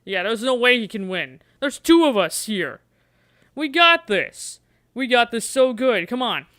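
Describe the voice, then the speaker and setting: A woman's voice: on the high side, animated, a little slow, a bit bright, no echo, clean studio sound. A woman streamer playing a gamebook on a livestream, chatting playfully and coaxing the dice.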